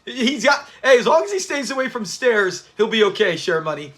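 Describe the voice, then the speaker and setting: A man's voice: extremely high pitch, animated, moderate pace, fairly bright tone. A man hosting a casual livestream watch party, chatty and laughing often as he talks to his viewers. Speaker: channel host.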